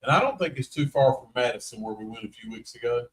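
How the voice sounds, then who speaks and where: With a Southern North Carolina accent, a man co-hosts a casual paranormal live stream, chatty, folksy and teasing. He talks fast in a medium-pitched voice with lively intonation.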